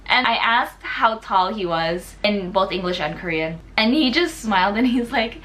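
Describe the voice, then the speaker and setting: Bright, chatty young woman vlogger. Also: a little high, normal speed. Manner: chatty and excitable, lots of "like". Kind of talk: casual storytime vlog.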